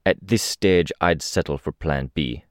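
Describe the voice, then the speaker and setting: A man's voice: very deep voice, unhurried, dry recording, clean studio sound. A man voicing a hulking, impatient masked man who talks in a growl. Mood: impatient, gruff.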